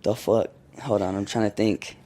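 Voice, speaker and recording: A man's voice: fairly low pitch, fairly even intonation, moderate pace, dark tone. A young man from Colorado, a rapper guest, chatting loosely on a podcast with lots of slang and laughter. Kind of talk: casual podcast chat.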